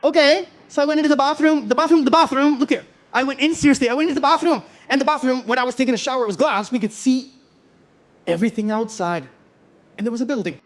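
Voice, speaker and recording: A man from Brazil doing stand-up, telling a story in an animated way, exclaiming and swearing. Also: very high voice, quick pace. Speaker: stand-up comedian.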